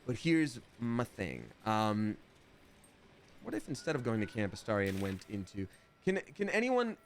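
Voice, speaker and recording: A man's voice: lowish voice, sing-song, measured pace, slight background noise. A man in his thirties chatting casually while playing a video game live, reading chat aloud and slipping into playful voices.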